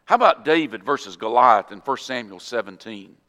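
A man's voice: medium pitch, brisk. Man preaching in a reverberant hall. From Florida. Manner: animated storytelling, acts out scenes and quotes scripture. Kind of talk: sermon.

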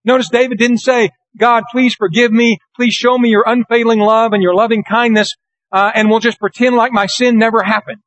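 Guy preaching a sermon, kinda high voice, reads verses slow and earnest, dry close sound. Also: flat delivery, fairly bright tone, dry recording, low-quality recording. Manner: earnest, deliberate, slows for scripture. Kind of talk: sermon with scripture reading.

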